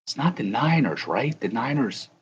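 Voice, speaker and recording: A man's voice: mid-range voice, lively intonation, normal speed, vocal fry, slightly rough, dull audio. A man hosting a casual live chat, rambling and correcting himself as he answers viewers. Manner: rambling, self-correcting, chuckling. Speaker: livestream host.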